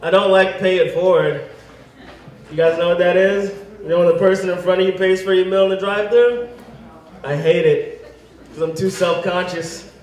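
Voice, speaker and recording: A man performing a stand-up comedy set. He delivers deadpan setups and then acts out other voices with animated energy. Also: high voice, normal speed. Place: comedy venue stage with audience. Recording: echoey room, mic from a distance.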